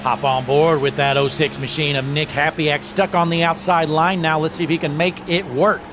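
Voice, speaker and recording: Excitable sim racing play-by-play man. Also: fairly high pitch, normal speed, noisy background. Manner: excited, raising his voice at the green flag. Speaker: race commentator.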